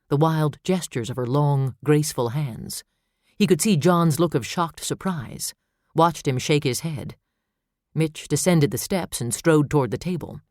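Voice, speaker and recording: A man narrating a suspense novel in steady, measured storytelling. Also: fairly high pitch, no room sound, studio quality. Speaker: audiobook narrator. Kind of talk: scripted narration.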